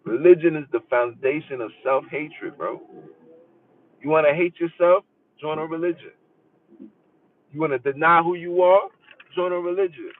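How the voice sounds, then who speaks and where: A man's voice: a little high, normal speed, pauses often, no echo. A man hosting a podcast live stream, arguing in an emphatic, preachy way and hammering home repeated phrases. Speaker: podcast host. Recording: tinny phone-like sound from far off.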